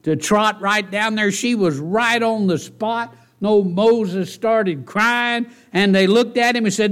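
A man preaching a sermon in church, folksy and animated, often asking the congregation rhetorical questions. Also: sits high, slow, hardly any pauses. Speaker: pastor.

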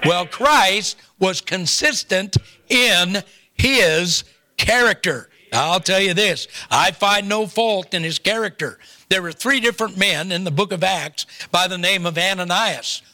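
A man's voice: high-pitched, measured pace, sharp tone. An older man preaching a sermon, telling a folksy family story with humorous asides before turning to scripture. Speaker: pastor.

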